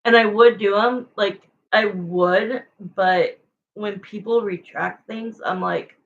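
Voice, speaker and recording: A woman's voice: mid-range voice, steady tone, slow pace, lo-fi sound, slight background noise. A woman tarot reader chatting casually and frankly with viewers on a livestream.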